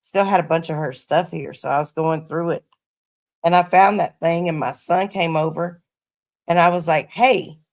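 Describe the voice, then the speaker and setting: Gravelly-voiced woman swearing casually. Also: sits low, steady tone, moderate pace, a little mellow. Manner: profane, laid-back storytelling. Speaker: livestreamer chatting with viewers. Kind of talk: casual livestream chat. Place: her home.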